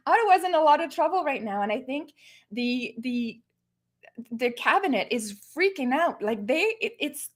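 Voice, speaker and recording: A woman hosting her own live stream, talking earnestly and directly to her viewers in casual commentary. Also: high-pitched. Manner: earnest, speaks straight to viewers.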